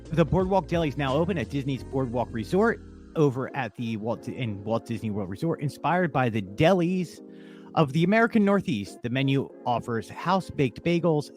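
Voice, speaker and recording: Lively chatty male podcast co-host. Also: medium pitch. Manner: animated, chatty, with frequent fillers. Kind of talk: casual chat.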